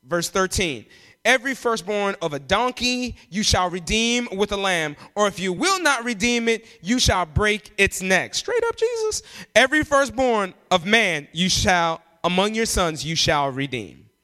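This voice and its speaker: A man preaching a sermon, emphatic and animated, often jumping up in pitch for emphasis. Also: measured pace. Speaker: pastor.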